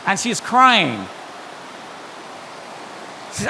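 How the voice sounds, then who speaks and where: A man giving a testimony in a church, telling his story with lively, acted-out dialogue. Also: slow pace, gravelly, pauses often. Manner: animated, acts out dialogue with shifting pitch. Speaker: guest speaker sharing testimony. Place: church auditorium. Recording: long hall reverb with faint hiss.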